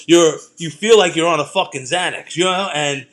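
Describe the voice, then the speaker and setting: A man's voice: fairly high pitch, normal speed, background noise. A middle-aged man, ranting in a profane, rambling way as he hosts a casual talk show. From Brooklyn, New York. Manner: profane, rambling, heated storytelling. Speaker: podcast host.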